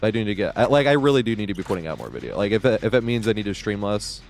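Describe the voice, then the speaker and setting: A man's voice: fairly low pitch, sing-song, very fast, vocal fry. A young man streaming a video game, chatting casually and rambling, laughing often and swearing freely. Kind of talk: casual gaming stream chat.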